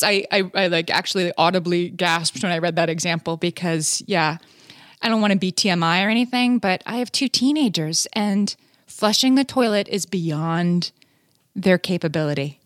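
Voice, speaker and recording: A woman's voice: fairly low pitch, normal speed, no echo, clean studio sound. A woman in her forties co-hosting a casual chat, talking earnestly about parenting and restarting words as she thinks. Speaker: podcast co-host.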